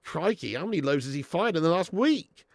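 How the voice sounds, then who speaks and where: A man hosting a football watch-along stream, reading out chat comments in a blunt, sweary manner and breaking into loud rants. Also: fairly high pitch, lively intonation, a little fast, creaky, no echo, clean studio sound. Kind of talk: casual live-stream chat.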